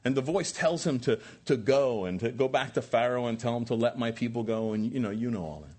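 A husky-voiced man in his sixties preaches a sermon in an earnest, conversational way. He stacks repeated phrases to build emphasis and sometimes restarts mid-sentence. His voice sits at an ordinary middle pitch. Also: brisk, a little mellow. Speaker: pastor.

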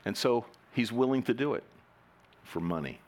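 A middle-aged pastor preaches a sermon in a chatty, joking way, performing the voices of the people in his stories. His voice sits in the mid range with a darkish tone, lively delivery, and an ordinary pace.

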